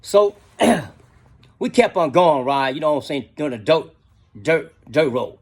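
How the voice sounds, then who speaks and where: A man's voice: on the high side, lively intonation, slow, breathy edge. A middle-aged man telling a casual story in slangy talk, often adding "you know what I'm saying".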